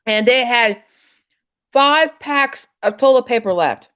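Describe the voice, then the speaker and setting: A woman from Alabama with a Southern accent chats on a livestream in a frank, blunt, talkative way. Her voice is on the high side, and the audio comes through dull and muffled. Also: animated, slow, a bit bright, clean tone. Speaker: livestream co-host. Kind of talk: casual livestream chat.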